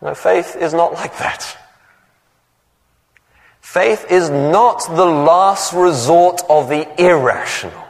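A man's voice: on the high side, slow pace, creaky, pauses often, big-room sound. A man preaching a sermon who tells stories and acts out the voices in them. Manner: storytelling, acts out voices in the anecdotes.

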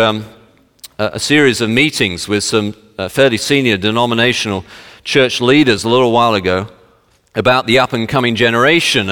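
A man preaching a sermon, reading scripture slowly and solemnly, then talking in a chatty way with many fillers. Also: medium pitch, sharp tone. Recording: long hall reverb.

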